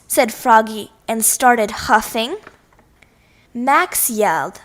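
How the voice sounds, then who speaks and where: Woman, children's story read-aloud, slow, expressive, playful sound effects. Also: fairly high pitch.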